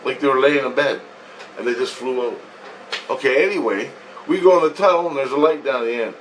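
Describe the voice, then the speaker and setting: A man's voice: medium pitch, brisk, a little hiss or hum. Rambling man speaking from a distance. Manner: meandering, profane, repeats himself. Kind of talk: rambling first-person dream account.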